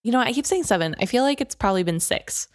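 A woman's voice: a little high, expressive, fast talker, no echo, clean studio sound. A woman co-hosting a book podcast, chatting casually and asking curious questions. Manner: curious, asks questions, playful. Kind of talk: casual chat.

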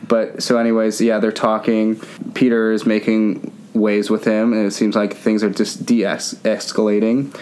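A man's voice: fairly low pitch, completely flat delivery, moderate pace, a little mellow, slight background noise. A man co-hosting a podcast, recapping a film in casual chat with joking asides. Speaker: podcast co-host.

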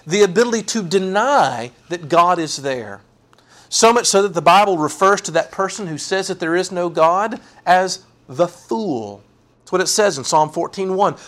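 A man preaching a sermon, animated and folksy, acting out sarcastic quotes. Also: high-pitched. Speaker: pastor.

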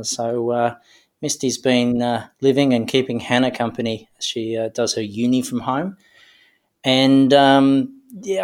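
A man's voice: medium pitch, darkish tone. A middle-aged man from Australia chatting casually as a podcast co-host, with many fillers and restarts. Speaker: guest co-host.

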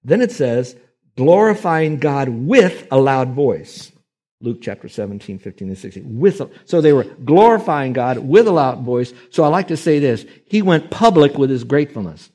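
Man preaching with animated delivery. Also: mid-range voice, a little fast, few pauses. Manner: animated, acts out voices in quotes. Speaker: pastor. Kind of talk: sermon.

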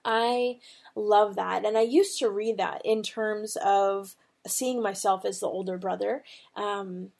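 Gravelly-voiced woman podcast host. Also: medium pitch, fairly even intonation, slow, darkish tone. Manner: earnest, personal storytelling with fillers. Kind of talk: devotional podcast talk.

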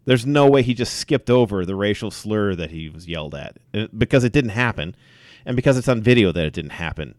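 Low-voiced man in casual sports chat. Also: fairly quick, no echo, clean studio sound. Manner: animated storytelling, many fillers. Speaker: podcast co-host.

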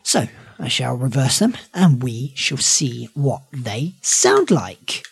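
A woman's voice: rumbling low, very animated, takes it slowly, creaky. A woman hosting a casual podcast quiz in a playful, giggly way. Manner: playful, giggly, announces results. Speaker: podcast host running a quiz. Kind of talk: casual chat.

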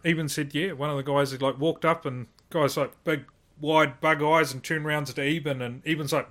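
A man appearing as a podcast guest, telling animated stories full of fillers. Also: a little high, normal speed. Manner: animated storyteller, filler-heavy. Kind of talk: casual chat.

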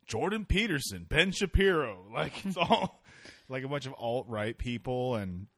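A male podcast host with a mid-pitched voice, chatting casually, joking and swearing as he rambles between topics. The sound is close and dry. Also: very animated, unhurried, no echo. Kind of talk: casual comedic chat.

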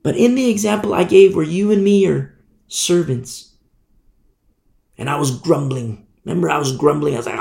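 A man's voice: fairly high pitch, moderate pace, gravelly, a little mellow. A man preaching a Bible teaching in a conversational way, acting out little scenes as he goes. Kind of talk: sermon. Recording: echoey room.

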